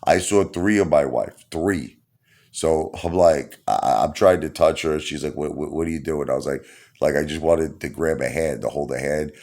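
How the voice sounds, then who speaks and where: Deep, gravelly male storyteller; rambling, animated comedic anecdote. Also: normal speed. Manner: rambling, animated, repeats himself, laughs at his own story.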